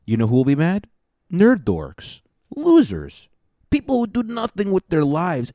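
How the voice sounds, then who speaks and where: Profane rambling man, low mellow voice. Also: dry recording, clean studio sound. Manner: rambling, profane, mock-ranting. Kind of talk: casual monologue.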